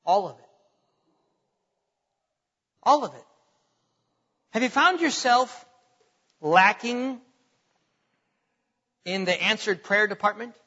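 A man's voice: sits high, expressive, slow pace, long pauses, pushed and bright, husky. A man preaching a sermon, speaking emphatically, repeating words as he builds points and quoting scripture. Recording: long hall reverb, dull lo-fi sound.

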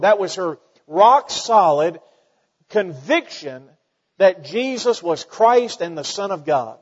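A man preaching a sermon as pastor, earnest and halting, with many fillers and restarts. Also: high voice, expressive, husky. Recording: dull sound with long hall reverb.

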